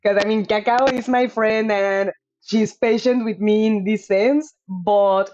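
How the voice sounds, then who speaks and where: A woman's voice: medium pitch, fairly even intonation, unhurried, a little mellow. Chatty woman game streamer, lo-fi mic. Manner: chatty, apologetic, laughs often. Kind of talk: casual live-stream chat.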